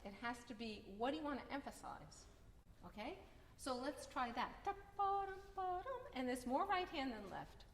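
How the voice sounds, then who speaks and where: Coaching a piano masterclass, this woman encourages her student and sings phrases to show what she means. Her voice is on the high side with big pitch swings at a moderate pace, set in an echoey concert hall with a piano and slight background noise.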